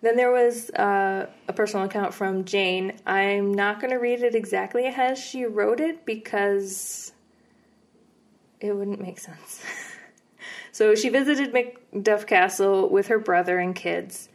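A woman's voice: medium pitch, a little slow. Casual woman telling ghost stories. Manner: relaxed, rambling with fillers and laughs. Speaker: podcast co-host. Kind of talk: casual storytelling chat.

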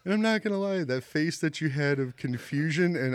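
A man's voice: fairly high pitch, animated, moderate pace, hardly any pauses. A man co-hosting a casual podcast, teasing his friends and laughing a lot. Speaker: podcast co-host. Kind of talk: casual banter.

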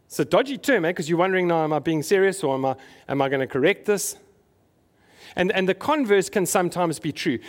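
Pastor preaching. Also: male voice, on the high side. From South Africa. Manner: conversational, asks the congregation questions. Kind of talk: sermon.

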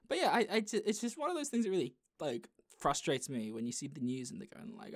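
A man's voice: high-pitched, big pitch swings, fairly quick, no room sound, clean studio sound. A man hosting a podcast in casual chat, rambling with lots of fillers. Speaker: podcast host.

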